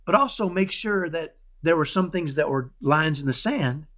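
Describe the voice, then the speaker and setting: Lively high-pitched man talking parenting. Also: moderate pace, slight background noise. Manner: animated, keeps asking "right?"; acts out dialogues with his son. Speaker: parenting guest. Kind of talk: casual conversational interview.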